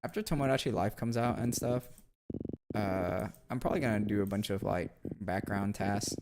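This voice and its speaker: A man's voice: fairly low pitch, moderate pace, heavy background noise. A young man streaming and chatting casually, rambling and self-mocking with lots of fillers. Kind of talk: casual live-stream chat.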